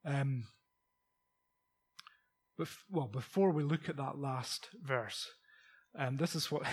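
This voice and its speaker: A middle-aged man delivers a sermon, his fairly high voice carrying a husky, breathy edge. He talks informally and keeps asking the congregation questions. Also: a bit bright. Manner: conversational, rhetorical questions, chuckles. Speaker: preacher.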